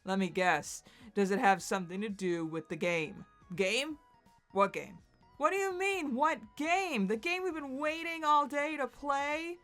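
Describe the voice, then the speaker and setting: A woman's voice: sits high, a little slow, a bit bright, soft background music, pitched above the performer's own voice. A woman voicing an anxious, melodramatic young man in a dramatic webcomic read-aloud. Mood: indignant. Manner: fretful and melodramatic.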